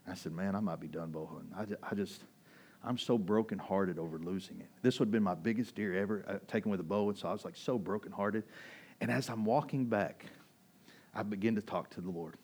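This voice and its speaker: A pastor delivering a sermon as an animated, emphatic storyteller, a man whose voice swings between hushed and loud. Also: fairly low pitch, brisk, breathy edge.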